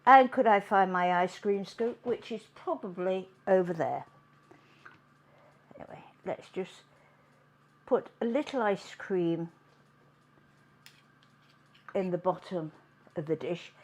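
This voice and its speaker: A woman hosting a home cooking demonstration, chatting in an unhurried way as she works in her kitchen. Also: fairly low pitch. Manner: chatty, unhurried, talks while working. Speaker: cooking show host.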